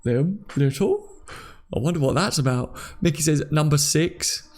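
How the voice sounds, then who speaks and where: A man's voice: a little high, lively intonation, normal speed, darkish tone. A young man hosting a casual live stream, reading viewer comments aloud and laughing often.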